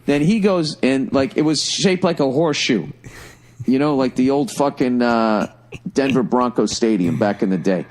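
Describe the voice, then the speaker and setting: A middle-aged man telling a funny story in a casual, profane, animated way, like a stand-up comedian on a podcast. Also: mid-range voice, normal speed.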